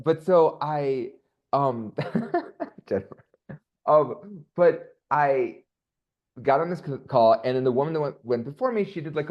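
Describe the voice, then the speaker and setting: Chatty man on a muffled call. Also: medium pitch. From United States. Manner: animated, chatty, quick asides and laughs. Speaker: interview guest. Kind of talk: casual interview talk.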